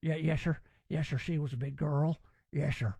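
A man's voice: a little high, steady tone, normal speed, creaky, mellow, husky, dry recording, pitched below the performer's own voice. A man doing a mocking impression of a female FBI trainee with an exaggerated Southern drawl.

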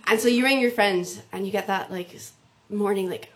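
A woman's voice: mid-range voice, fairly quick. A woman telling a comic personal story live, acting out the voices of the people in it. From Ireland. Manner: comic, animated, acts out quoted voices.

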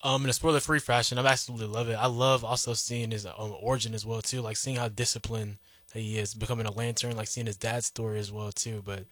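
A man's voice: medium pitch, flat delivery, quick pace, a bit bright, no echo. A man co-hosting a talk radio show, speaking casually and enthusiastically with fillers. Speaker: radio co-host.

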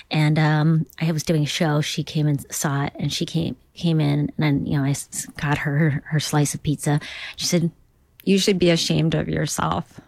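A woman's voice: sits low, vocal fry, no echo. A woman comedian from Minnesota, talking casually in an interview with rambling, self-deprecating asides. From Duluth, Minnesota. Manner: rambling, self-deprecating, slips into character voices. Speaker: comedian guest.

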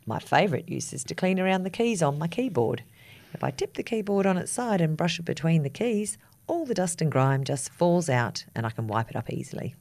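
A woman co-host chats in a friendly, scripted way. Her voice is low and plain-spoken. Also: big pitch swings, brisk, gravelly, a little mellow. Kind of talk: scripted casual chat.

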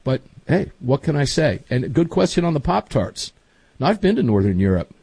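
A man's voice: medium pitch, sing-song, a little fast, warm tone, breathy edge, no echo. A middle-aged man hosting a podcast, chatting casually and rambling with emphatic asides. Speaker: podcast host. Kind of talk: casual chat.

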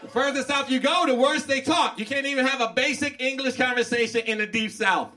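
Bright, sharp-voiced blunt comic, a man. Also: very high voice, a little fast, a faint crowd. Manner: blunt, insulting punchlines. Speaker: stand-up comedian. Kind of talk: stand-up set.

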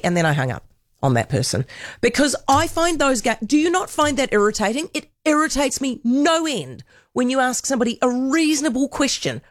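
Animated New Zealand woman radio host. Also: fairly high pitch, brisk, dry recording, clean studio sound. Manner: chatty, animated storytelling. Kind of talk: casual radio chat. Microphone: studio microphone.

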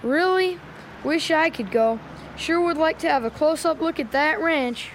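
A woman's voice: high voice, a little slow, a little hiss or hum. A woman voicing a pushy, easygoing schoolboy in a children's radio drama. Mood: chatty. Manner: pushy, wheedling.

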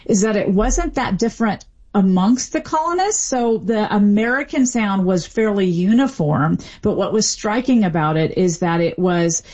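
A woman expert explaining how accents form, in a measured way with frequent fillers. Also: medium pitch, expressive, darkish tone. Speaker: linguist guest. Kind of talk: expert interview answers.

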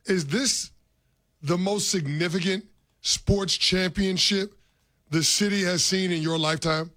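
An energetic man co-hosts a casual interview and puts a question to the guest. His voice is slightly high and sounds dry and close. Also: unhurried, no echo.

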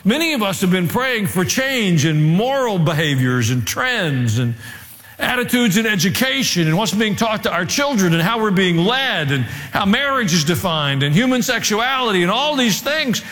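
A man's voice: very animated, normal speed, fairly bright tone. A male pastor preaching a sermon, with humorous asides and rising emphasis as he goes. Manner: preaching, growing more emphatic and raised in pitch. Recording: long hall reverb.

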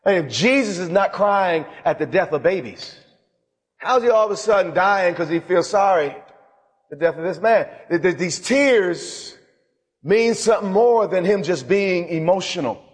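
A man preaching a sermon, impassioned and dramatic, slowing for emphasis and then surging. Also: high-pitched, animated. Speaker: pastor. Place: church sanctuary. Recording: live sermon with long hall reverb.

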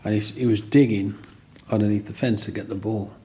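A man's voice: fairly low pitch, steady tone, fairly quick, warm tone. An older man telling his own story in a rambling, restart-filled way, as an interviewee. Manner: rambling, with restarts and "you know what I mean".

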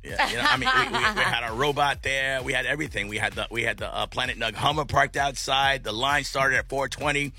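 A man co-hosting a radio show and podcast, rambling excitedly and repeating words, his voice hoarse. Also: mid-range voice, a little fast, few pauses. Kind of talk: casual radio chat.

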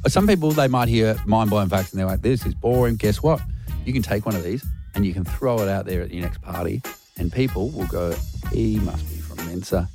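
A man's voice: fairly low pitch, brisk, mellow, faint music behind. A man co-hosting a radio show, playful and teasing in casual banter. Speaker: radio co-host.

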